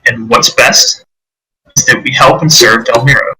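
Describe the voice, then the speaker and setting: A man's voice: medium pitch, fairly even intonation, normal speed, crowd noise, lightly acted. A man voicing Leo, a normally stoic village man who is acting far too cheerful and friendly. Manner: overly friendly, smooth-talking.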